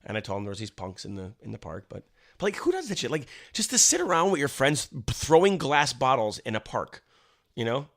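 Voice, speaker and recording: Male podcast co-host, casual chat, bright and lively delivery, swears often. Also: medium pitch, brisk, vocal fry. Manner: animated storyteller, swears freely.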